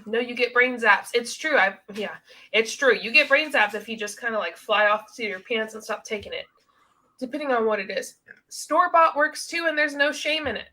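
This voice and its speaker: A woman's voice: a little high, normal speed, sharp tone. A woman co-hosting a casual reaction commentary, blunt, outspoken and joking. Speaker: co-host.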